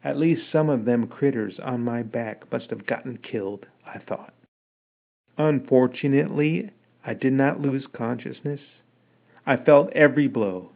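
Slow-reading man, tinny sound. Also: medium pitch, vocal fry. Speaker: podcast narrator reading his own novel. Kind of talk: audiobook narration.

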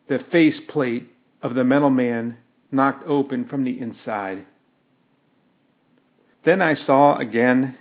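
Unhurried male audiobook narrator, mid-pitched; narrow telephone-like audio. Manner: slow, measured storytelling. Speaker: storyteller. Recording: tinny phone-like audio.

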